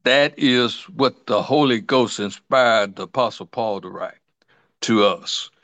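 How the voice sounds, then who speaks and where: A man preaching a sermon, fervent, often calling out hallelujah and slowing down to stress scripture. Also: mid-range voice, a bit bright, no room sound. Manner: fervent, repeats hallelujah, stretches scripture words slowly. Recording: dull lo-fi sound.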